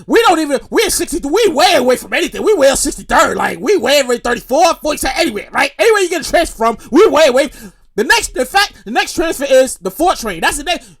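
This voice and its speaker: High, lively New man ranting. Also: fast. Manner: animated, profane ranting with repetition. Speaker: podcast host. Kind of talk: casual storytelling.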